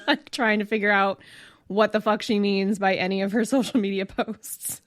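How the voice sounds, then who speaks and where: A woman co-hosting a podcast, chatting casually with drawn-out words and frequent fillers. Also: mid-range voice, steady tone. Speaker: podcast co-host. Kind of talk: casual chat.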